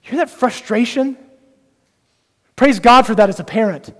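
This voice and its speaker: High-voiced preacher in an echoing hall. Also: male voice, moderate pace. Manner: earnest preaching full of rhetorical questions. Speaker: pastor. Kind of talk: sermon.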